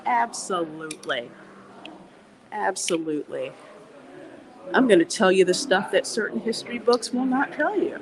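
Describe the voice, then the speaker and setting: A woman hosting a casual, educational walking livestream, chatty and animated as she greets viewers. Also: mid-range voice, moderate pace, long pauses, a crowd in the background, poor audio. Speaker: livestream host.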